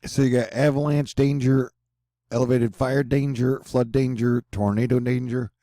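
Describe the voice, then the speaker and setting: A man's voice: medium pitch, steady tone, moderate pace, dark tone, dry recording, studio quality. A man hosting a casual weather forecast over a map, rambling and joking with slang asides. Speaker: weather channel host.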